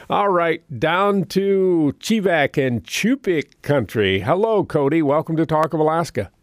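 A man's voice: a little high, lively intonation, takes it slowly, no echo. A man hosting a radio call-in show, friendly and conversational, laughing easily between calls.

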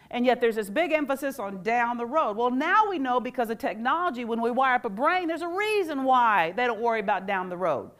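A middle-aged woman and former teacher giving a lively workshop talk, quizzing the audience and leading call-and-response. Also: a little high. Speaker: educator and workshop speaker.

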